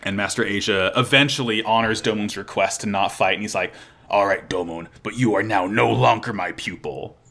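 A man casually recapping a show episode with a podcast co-host, excited and swearing freely. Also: fairly low pitch, vocal fry. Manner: excited, swears a lot, quick restarts.

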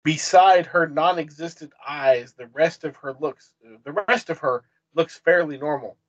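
A man's voice: on the high side, measured pace. A man reading a gamebook aloud with friends, flustered and self-deprecating, swearing often. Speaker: reader. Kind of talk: casual chat, reading aloud. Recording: dull lo-fi mic.

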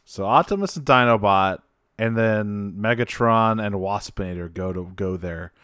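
A man's voice: lowish voice, normal speed, fairly bright tone, clear, resonant tone, no room sound, studio quality. A man co-hosting a podcast, recapping an episode in casual chat, swearing freely and laughing often. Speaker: podcast co-host.

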